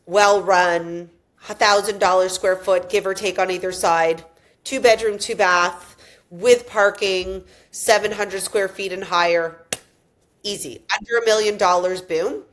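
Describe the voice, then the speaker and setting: A woman hosting a casual podcast chat, telling animated stories and wandering into tangents. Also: mid-range voice. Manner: animated storyteller, goes off on tangents, acts out quotes. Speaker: realtor and podcast host.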